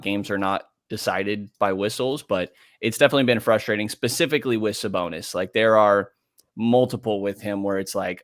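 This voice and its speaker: A man's voice: fairly low pitch, fairly bright tone, no echo, studio quality. A man on a sports radio show, talking through the game in a casual, analytical way. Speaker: podcast host guest.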